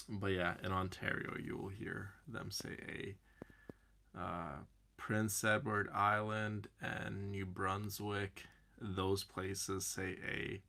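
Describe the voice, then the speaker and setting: Male streamer, low gravelly voice, slow, rambly chat with viewers by name. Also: bright, forceful tone. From Canada. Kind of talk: casual chat.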